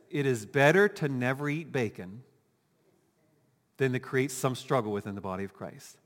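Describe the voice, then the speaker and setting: A man preaching a sermon as pastor, animated and full of rhetorical questions, talking with his congregation. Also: mid-range voice, normal speed, pauses often, big-room sound. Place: church sanctuary.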